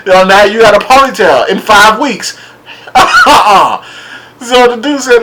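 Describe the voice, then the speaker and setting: A man casually recapping and reviewing a TV episode, animated and laughing as he acts out what people said. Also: sits high, normal speed, a little hiss or hum, poor audio. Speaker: show reviewer.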